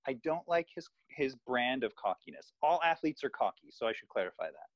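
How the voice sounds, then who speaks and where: A podcast co-host in casual chat, an animated, self-mocking sports fan. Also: medium pitch, a little fast, no room sound, lo-fi sound.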